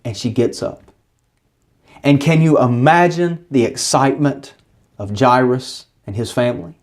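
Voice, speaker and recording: A man's voice: mid-range voice, measured pace. A man narrating a Bible passage as a short lesson, retelling the story earnestly and briefly voicing the people in it. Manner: earnest storytelling, acting out quoted speech. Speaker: Bible teacher. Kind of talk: scripted Bible study narration.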